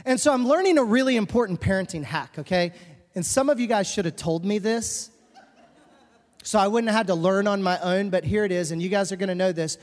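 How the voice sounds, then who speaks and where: A woman's voice: mid-range voice, a little fast, a little mellow. Woman pastor giving a sermon: earnest, emphatic, repeats key lines; stage mic in a big church hall with long reverb.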